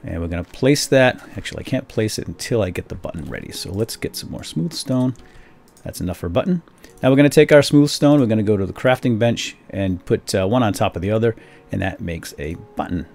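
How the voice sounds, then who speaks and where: A man with a fairly low voice talks through a game tutorial in a loose, chatty way. He laughs at his own jokes and fills pauses with ums and uhs. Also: lively intonation, gravelly, a little mellow, soft background music. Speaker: tutorial host. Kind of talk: casual game tutorial narration.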